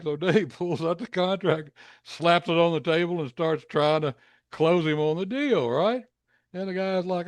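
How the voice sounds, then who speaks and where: A man spinning a long anecdote in casual talk, his voice sitting a little high. He bounces into the quoted speakers with sudden leaps in pitch. The sound is dry and close to the mic. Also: a little slow, no echo. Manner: animated, acts out quoted voices with pitch jumps.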